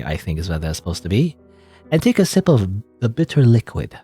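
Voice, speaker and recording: A man's voice: fairly low pitch, very animated, normal speed, darkish tone, husky, faint music behind. A man reading a story game aloud dramatically, with joking asides and laughs at his own slips. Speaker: let's play host.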